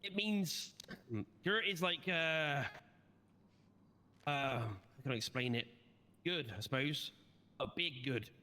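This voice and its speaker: Brief: British male, dry and stubborn, bright tone, reverberant audio. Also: fairly high pitch, takes it slowly, pauses often, slight background noise. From Britain. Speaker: roleplay player. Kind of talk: casual in-character roleplay banter.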